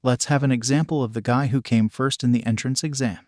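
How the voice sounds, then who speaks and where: A man voicing a tired, blunt male homeroom teacher who speaks in flat, terse orders. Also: medium pitch, brisk, dry recording, studio quality, close to an everyday voice. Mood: stern.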